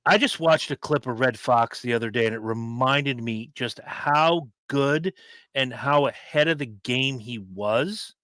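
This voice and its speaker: Bright, forceful man in casual podcast chat. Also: medium pitch, no room sound. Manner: animated, quick to act out movie quotes. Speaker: podcast co-host.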